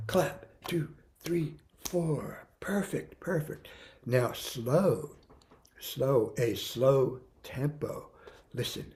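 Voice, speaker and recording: A man teaching a music lesson to young children, counting beats loudly and then dropping to soft prompts, repeating words patiently. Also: mid-range voice, slow pace.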